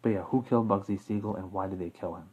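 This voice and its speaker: A man's voice: sits low, quick pace, a little mellow, breathy edge, dull audio. A man hosting a casual true-crime video, rambling with fillers, self-corrections and the odd chuckle. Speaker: YouTube true-crime host. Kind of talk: casual off-the-cuff talk to camera.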